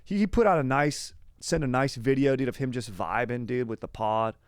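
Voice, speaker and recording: A young man hosts a history podcast, speaking at medium pitch and a moderate pace in a clean, dry, studio-quality recording. His delivery is rambling, casual, slangy and laid-back; he says "dude" constantly and wanders off topic.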